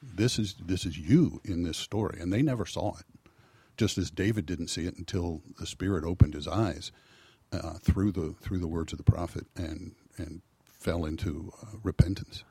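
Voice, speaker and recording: A man's voice: sits low, normal speed, warm tone, slightly rough, no echo. A man co-hosting a scripture reflection, speaking thoughtfully with frequent hesitations. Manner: hesitant, many ums, thoughtful. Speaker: co-host of a scripture reflection show. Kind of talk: conversational faith reflection.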